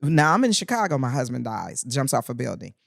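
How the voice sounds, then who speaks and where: Animated woman comedian telling stories. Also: very deep voice, a little fast, gravelly, no room sound, studio quality. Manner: animated, punchy storyteller with earthy humor. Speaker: guest comedian. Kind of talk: casual podcast chat, storytelling.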